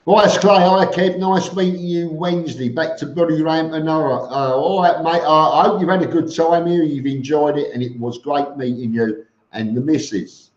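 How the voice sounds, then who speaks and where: A man's voice: fairly high pitch, normal speed. A man chatting casually on a live stream, reading out viewer comments and answering them bluntly, with lots of fillers and restarts and the odd "mate". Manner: blunt and matter-of-fact, says "mate". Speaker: vlogger answering live chat. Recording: roomy, dull lo-fi stream audio.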